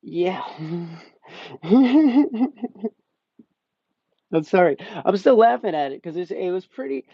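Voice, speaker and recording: Gravelly young man rambling casually. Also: sits high, lively intonation, slow, long pauses, no room sound. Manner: rambling, profane, laughs often. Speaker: movie reviewer. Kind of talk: casual live-stream movie review. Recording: slightly muffled dry stream audio.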